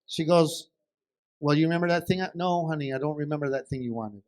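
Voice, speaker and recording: Talking fast in a slightly high voice, a man performs comedy on a benefit show stage. He acts out himself and his wife trading lines as part of his animated storytelling.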